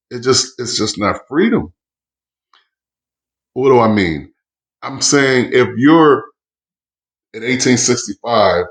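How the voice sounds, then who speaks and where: A middle-aged man teaching history in an impassioned, preacherly way, full of rhetorical questions. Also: fairly low pitch. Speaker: educator. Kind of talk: history lesson with commentary.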